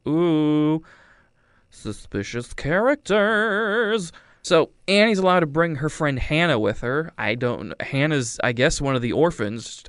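A movie reviewer chats loosely about a family film, rambling and wry, slipping into silly voices to act out the characters. His mid-range voice is smooth, clear and a bit bright. The recording is dry and close, with no room sound.

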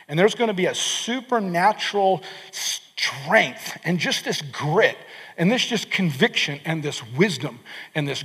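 A man's voice: sits high, a bit bright. A man preaching a sermon as pastor, earnest, often restarting and repeating words as he explains scripture. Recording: long hall reverb.

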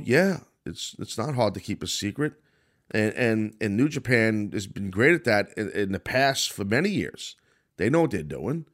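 With a fairly low, expressive voice at normal speed, this New York–accented middle-aged man runs a wrestling podcast after a career as a wrestling announcer. His monologue is casual, blunt and rambling, full of self-corrections and restarts.

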